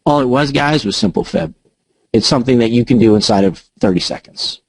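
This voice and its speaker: A man's voice: mid-range voice, expressive, brisk, slightly rough, dry recording, rough recording. A man presenting a casual live trading webinar from his home office. He talks informally, with lots of fillers and restarts.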